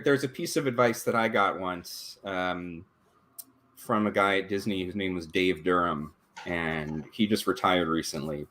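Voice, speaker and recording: A man's voice: low voice, fairly bright tone. A man in his thirties on a live-stream panel, speaking in a thoughtful, anecdotal way with many fillers. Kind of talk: casual panel talk.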